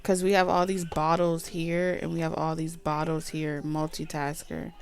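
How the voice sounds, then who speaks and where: A woman's voice: sits low, little pitch movement, moderate pace, creaky. A woman giving a casual tarot reading, chatty, blunt and profane. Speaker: tarot reader.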